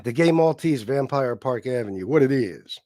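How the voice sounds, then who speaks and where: A man hosting a live stream, reading the chat aloud and giving shout-outs, swearing heavily in a combative, angry way. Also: mid-range voice, expressive, moderate pace, dry recording, clean studio sound. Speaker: livestream host reading chat.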